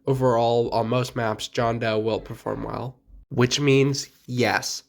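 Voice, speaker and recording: A man's voice: mid-range voice, fairly even intonation, slow pace, gravelly. A young man with a sick voice giving blunt, offhand commentary on game characters in a casual video. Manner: blunt, offhand, mildly crude. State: sick, stuffy voice. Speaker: gaming video creator.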